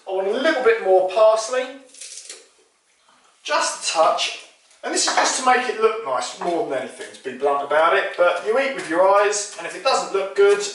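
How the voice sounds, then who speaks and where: A man's voice: on the high side, fairly bright tone, slight background noise. Chatty man cooking in an echoey kitchen. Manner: chatty, explains as he cooks. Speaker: cooking show host. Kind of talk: casual cooking demonstration. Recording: roomy kitchen echo, distant mic.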